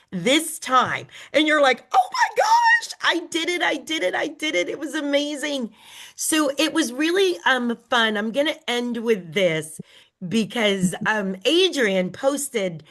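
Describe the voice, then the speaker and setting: Slow, bright-voiced woman team leader. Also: fairly high pitch. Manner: emphatic, emotional, slow and deliberate. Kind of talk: motivational talk.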